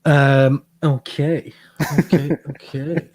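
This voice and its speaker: A man's voice: on the high side, little pitch movement, slow, darkish tone. A man co-hosting a casual advice podcast in a studio, talking hesitantly with many fillers and frequent laughs. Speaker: podcast co-host.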